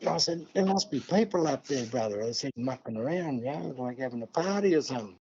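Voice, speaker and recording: An older man from New South Wales with an Australian accent, telling a long story in a relaxed interview and acting out the dialogue. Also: medium pitch, fairly quick, breathy edge. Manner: yarning, acts out dialogue, many "see?" and "mate". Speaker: guest elder. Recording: dull lo-fi sound.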